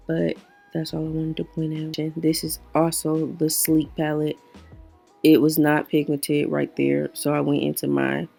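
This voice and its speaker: A young woman talks through her makeup steps in a relaxed, slangy voice-over. Her morning voice sits low and gravelly, with a lot of fry. Faint music plays behind her. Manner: chatty and slangy, correcting herself often. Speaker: beauty vlogger. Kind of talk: casual voice-over for a makeup tutorial.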